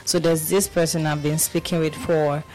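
A young Nigerian woman co-hosting a radio show, telling stories in animated casual chat with many restarts, her voice a bit off from feeling unwell. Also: low voice, moderate pace, soft background music, rough recording. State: under the weather, voice affected. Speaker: radio co-host.

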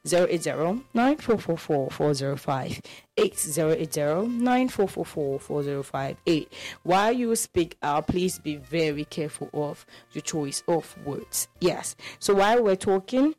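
Low-voiced woman radio host. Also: soft background music. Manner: lively, animated, quick to laugh. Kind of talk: casual radio chat.

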